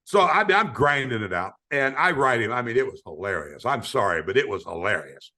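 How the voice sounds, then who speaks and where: A man's voice: medium pitch, big pitch swings, a little fast, bright, forceful tone. An older man, a retired sportscaster, telling stories in a podcast interview, acting out quoted voices with frequent stammering restarts. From United States.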